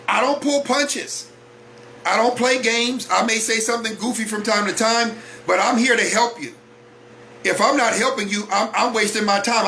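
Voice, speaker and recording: A man's voice: sits high, bright, forceful tone, slight background noise. A man hosting a weekly talk broadcast, speaking bluntly in a preachy monologue and hammering home repeated rhetorical questions.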